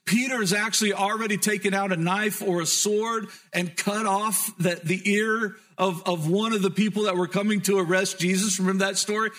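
A man pastor preaching a sermon, moving between emphatic storytelling and soft, reflective tones. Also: sits high, fairly even intonation, normal speed, few pauses.

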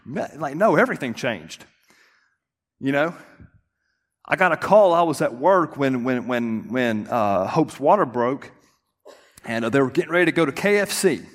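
Storytelling pastor in a reverberant hall. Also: male voice, mid-range voice, normal speed, pauses often. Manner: storytelling, animated, acts out quotes. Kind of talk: sermon. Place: church sanctuary.

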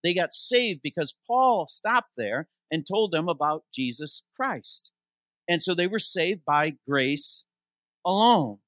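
Male interim pastor, sermon delivery, slightly higher pitch, dry close sound, animated with question-and-answer emphasis. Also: no room sound. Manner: animated preaching, reads scripture aloud with slowed emphasis; asks the congregation questions and answers them. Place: church sanctuary.

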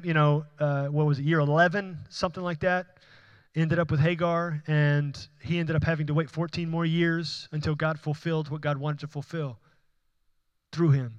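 Guy preaching, kinda high voice, chatty and earnest, lots of restarts. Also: fairly even intonation, normal speed, smooth, lo-fi sound. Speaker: pastor. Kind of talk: sermon.

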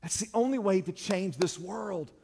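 A man preaching as a pastor, plain-spoken and direct, his delivery swinging between loud emphatic lines and hushed ones. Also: high-pitched, normal speed, vocal fry, breathy edge. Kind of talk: sermon. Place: church. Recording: long reverb of a church hall.

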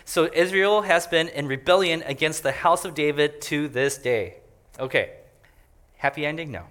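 Chatty, joking male pastor, higher voice. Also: normal speed, a bit bright. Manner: joking and chatty, laughs often. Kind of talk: conversational sermon.

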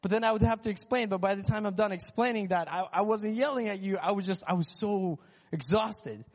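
A man's voice: high-pitched, fairly quick. Reverberant man sharing a church testimony. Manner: candid, self-deprecating storytelling. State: recovering from lost voice. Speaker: worship leader. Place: church sanctuary.

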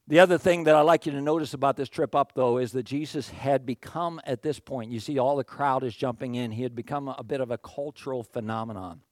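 A man's voice: mid-range voice, dry recording, studio quality. A male pastor delivering a conversational sermon, often checking in with the congregation and acting out what the crowd said. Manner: conversational, animated, acts out crowd quotes.

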